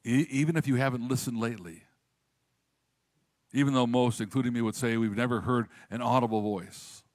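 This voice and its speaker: A pastor preaching to a congregation, telling a story with lively quoted voices and then speaking more quietly and earnestly. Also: male voice, mid-range voice, brisk, no room sound. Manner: animated storytelling, raises voice for quoted prayers. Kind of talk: sermon with storytelling.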